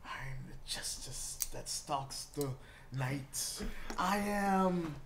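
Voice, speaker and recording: A man voicing a small male gnome in a black cape who boasts in hushed dramatic tones, then stammers with embarrassment, in a tabletop role-play game. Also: sits high, lively intonation, a little slow, echoey room, far from the mic, noisy background, voice pushed up.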